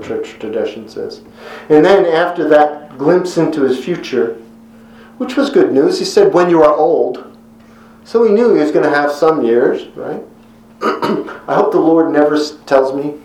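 A man preaching a sermon in an earnest, conversational way, pausing for effect and voicing quotes with emphasis. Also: a little high, animated, a little mellow, roomy sound, low-quality recording.

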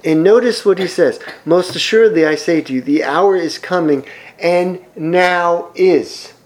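A man preaching a sermon, reading scripture aloud and commenting on it, with emphatic swings between loud and soft. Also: high-pitched, poor audio. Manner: slow, emphatic preaching with wide swings in loudness. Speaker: pastor.

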